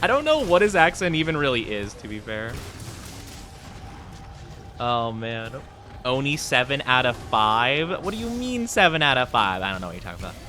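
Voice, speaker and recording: A man's voice: mid-range voice, big pitch swings, normal speed, pushed and bright, faint music behind. A man streaming a game, chatting casually with his viewers in playful, self-deprecating banter. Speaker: gaming streamer. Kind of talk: casual live-stream chat while gaming.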